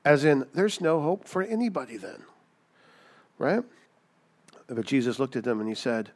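A man's voice: mid-range voice, moderate pace, pauses often, a little mellow. A man preaching a sermon in a conversational way, often asking rhetorical questions. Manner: conversational, asks rhetorical questions, acts out voices.

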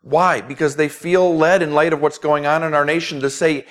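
A male pastor delivers a sermon in an earnest, emphatic way, stacking repeated phrases for weight. His voice sits somewhat higher than most men's. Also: fairly even intonation, moderate pace, few pauses. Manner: earnest preaching with emphatic repetition.

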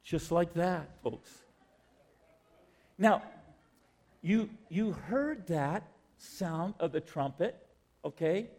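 A man preaching a sermon in a slow, measured way, often repeating his phrases. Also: a little high, lively intonation, a little mellow.

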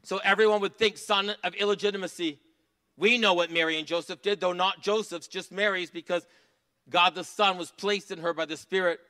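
A man preaching a sermon in a church, earnest, rising to emphatic passages and dropping to soft asides. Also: high-pitched, fairly even intonation, a little fast. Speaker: pastor.

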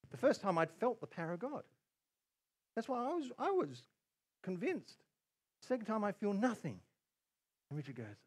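A man preaching a sermon as pastor, telling a story with quoted asides and bursts of excitement. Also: on the high side, brisk.

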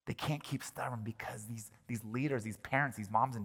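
A male pastor delivering a sermon, animated, swinging from loud emphatic lines to quiet ones. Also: medium pitch, fairly quick, creaky, few pauses, slightly rough. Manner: animated, rises and drops in volume for emphasis. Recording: long reverb of a large hall.

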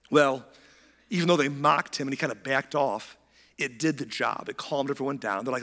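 Hoarse man preaching in a reverberant hall. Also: a little high, normal speed. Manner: conversational preaching with expressive voiced quotes. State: hoarse from recent illness. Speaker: pastor. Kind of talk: sermon.

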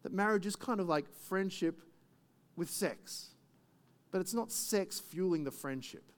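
A man gives a sermon, his voice sitting a little higher than most. He talks in a casual, conversational way, tossing in rhetorical questions and quick asides as he reads and explains. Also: expressive. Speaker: pastor.

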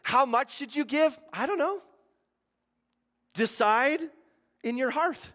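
A man's voice: expressive, takes it slowly. A man in his thirties preaching a sermon as a pastor, in a conversational way, often asking "right?" and acting out quoted voices. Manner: acts out quoted voices with sudden shifts in pitch and loudness. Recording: long reverb of a church hall.

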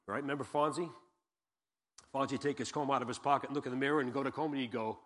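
Speaking fast in a steady, fairly bright mid-range voice, a visiting pastor opens with a homespun joke, then reads scripture aloud and unpacks it while quizzing the congregation. The church sanctuary gives the recording a long hall reverb.

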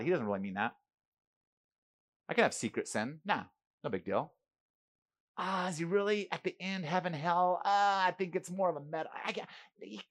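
A male pastor preaching a sermon in an emphatic, conversational way, often asking his listeners "right?". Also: a little high.

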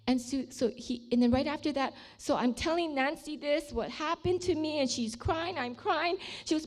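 A woman of sixty with a somewhat high voice gives a testimony sermon to a room of listeners. She tells her story in an animated way and slips into the voices of the people in it. She also leads an earnest prayer, calling on the Lord again and again. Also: normal speed, hardly any pauses. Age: 60s. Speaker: speaker sharing a testimony and leading prayer. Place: room with a seated audience.

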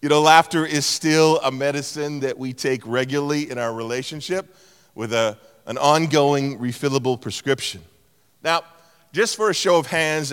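Male pastor, middle-aged, fairly high voice, lively storytelling sermon, long reverb of a big church. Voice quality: animated storytelling with playful mimicry of a higher-pitched tone. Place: large church sanctuary.

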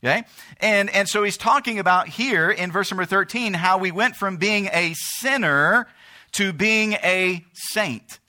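Bright-voiced man preaching a sermon. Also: unhurried. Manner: preaching, rising in pitch and force, calling out to the congregation. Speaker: pastor.

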